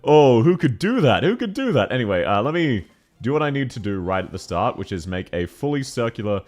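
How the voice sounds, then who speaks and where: A man's voice: mid-range voice, sing-song, brisk, darkish tone. A young man chatting casually on a live stream while playing a game, laughing often and answering chat.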